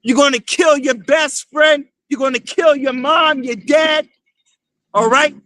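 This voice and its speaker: Fiery high-voiced preacher man, shouting. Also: measured pace, no room sound. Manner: fiery, shouting scripture, repeats "all right" constantly. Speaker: street preacher. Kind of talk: sermon with scripture reading.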